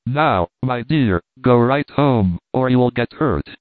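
A man doing a squeaky, mocking ship's doctor. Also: lively intonation, slow pace, dry recording. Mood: teasing. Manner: squeaky, teasing. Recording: tinny phone-like dry sound.

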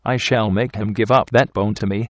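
A man reading the part of a stubborn but tender young woman, speaking in a slow, coaxing, insistent way. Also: lowish voice, fairly even intonation, no room sound, clean studio sound, natural voice. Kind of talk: audiobook character reading.

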